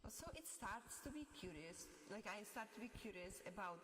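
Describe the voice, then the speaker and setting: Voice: medium pitch, expressive, normal speed, fairly bright tone, reverberant, in a large hall, a little hiss or hum. An ASMR live streamer chatting casually with viewers, thinking aloud with many fillers and small laughs.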